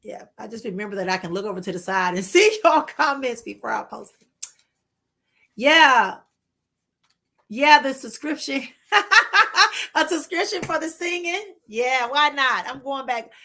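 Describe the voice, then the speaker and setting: A woman hosting a casual spiritual livestream, talking warmly to her viewers and reassuring them with slow, repeated phrases. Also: high voice, lively intonation, gravelly. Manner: warm, reassuring, addresses viewers as "my love" and "honey"; drawn-out soothing repetitions.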